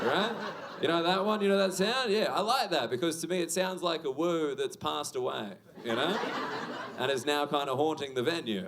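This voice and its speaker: A young Australian man with an Australian accent doing a stand-up comedy set, conversational and sweary, working the crowd with lots of tag questions. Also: fairly high pitch. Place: comedy venue with audience. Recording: live venue with audience noise.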